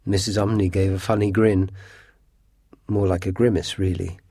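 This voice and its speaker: A man narrating a storybook in a measured, expressive reading. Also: sits low, no room sound, clean studio sound.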